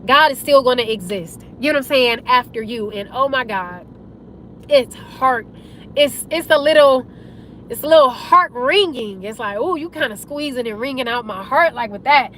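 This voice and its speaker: A young woman chats to her viewers in a high, hoarse voice that is wearing out, turning raspy. She talks in an emotional, preachy way, calling everyone y'all, with a faint hum of background noise behind her. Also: expressive, moderate pace, a bit bright. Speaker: vlogger. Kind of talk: casual storytime talk to viewers.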